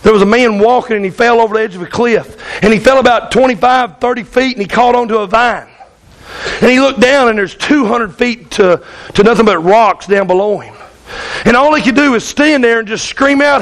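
Male pastor, very high voice, emphatic repetitive sermon delivery. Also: brisk, fairly bright tone, poor audio. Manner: emphatic, repetitive, keeps asking "Amen?".

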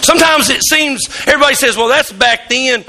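High-pitched gravelly preacher. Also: male voice, fairly quick, a little hiss or hum. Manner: folksy storytelling, rising to shouts. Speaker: pastor. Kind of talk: sermon. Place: church sanctuary.

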